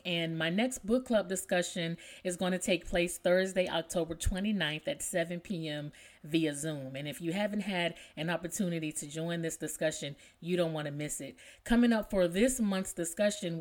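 A woman podcast host and author speaking enthusiastically, then reading a poem aloud. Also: lowish voice. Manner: enthusiastic, promotional.

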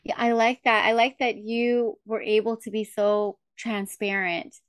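A woman with a fairly high voice hosts a podcast interview. She sounds close and dry, with no room echo. She affirms her guest and reflects thoughtfully on what she has heard. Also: flat delivery, a little slow, clear, resonant tone. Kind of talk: casual interview chat.

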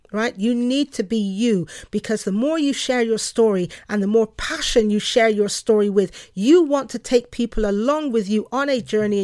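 A woman hosting a solo podcast, talking passionately and emphatically in a fast, lively way. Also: medium pitch, no echo, studio quality. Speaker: podcast host.

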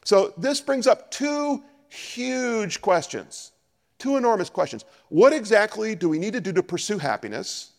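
A man preaching a sermon as a pastor, animated and acting out scripture dialogue. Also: sits high, unhurried, gravelly, long reverb tail.

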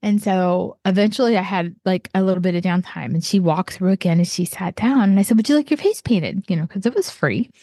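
A woman from southeastern Ohio speaks in a casual, heartfelt monologue, her voice sitting a little low. She rambles, circling back with fillers and restarts. The sound is close and dry, with no room around it. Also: a little fast, few pauses, mellow, no echo. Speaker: artist.

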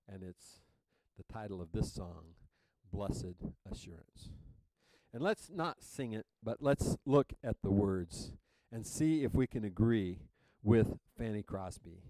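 Man, pastor, sermon, slow deliberate delivery, emphatic, dry sound. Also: lowish voice, dark tone, no echo, low-quality recording. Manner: emphatic, reads hymn lyrics aloud with rising emphasis; asks the congregation for amens.

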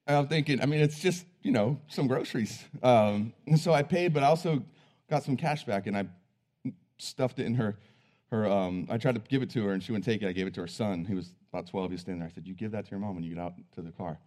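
A man's voice: on the low side, quick pace, a little mellow. A man preaching, telling a personal story in an earnest, conversational way. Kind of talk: sermon storytelling.

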